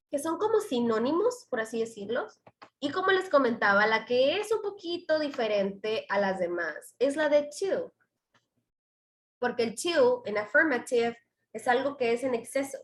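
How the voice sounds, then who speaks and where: High bright teacher voice, echoey room. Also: female voice. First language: Spanish. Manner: explains slowly, mixing Spanish and English. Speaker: English teacher. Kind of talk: bilingual online class.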